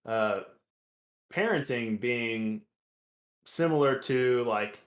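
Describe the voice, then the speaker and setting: A man co-hosting a podcast, speaking in a measured, thoughtful way with dry humor. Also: medium pitch, roomy sound. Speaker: podcast co-host. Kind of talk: casual chat.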